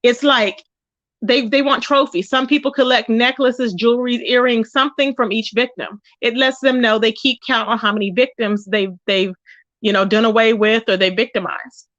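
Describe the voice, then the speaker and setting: A chatty woman hosts a gossip livestream, greeting viewers warmly by name. Her voice sits a little high, close to the mic in a dry space. The stream audio is dull and lo-fi. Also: steady tone, normal speed, no echo. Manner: chatty, greets viewers by name, calls them child and baby. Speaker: livestream commentary host. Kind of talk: casual livestream gossip chat.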